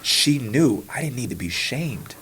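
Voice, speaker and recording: A man hosting a podcast, telling a personal story in casual conversation and acting out his own past words, sometimes whispering, sometimes rising high. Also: big pitch swings, unhurried, a bit bright, a little hiss or hum. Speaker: podcast host.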